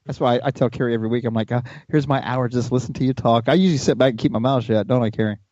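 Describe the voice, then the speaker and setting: A man's voice: medium pitch, rapid-fire, a little mellow, dry recording, highs cut off. A man in his fifties with a Southern accent, co-hosting a radio show, blunt and joking, with casual swearing. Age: 50s. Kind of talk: casual chat.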